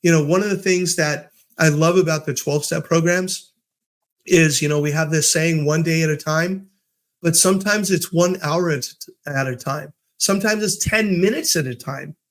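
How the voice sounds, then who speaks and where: A podcast host with a fairly high voice talks at a normal pace, giving a casual, upbeat motivational talk. His storytelling includes acted-out quotes, plus plenty of fillers and false starts.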